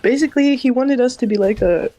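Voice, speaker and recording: A woman guest on a video call, telling her side casually, halting and full of "like" fillers. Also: high-pitched, mellow. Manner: halting, many "like" fillers and restarts. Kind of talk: casual recounting on a group stream.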